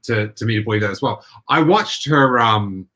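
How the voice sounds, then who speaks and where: A man hosting a podcast talks in casual chat, his voice bright and forward. He rambles, stumbling through restarts as he searches for words. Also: on the low side, expressive. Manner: rambling, halting, many restarts. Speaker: podcast host.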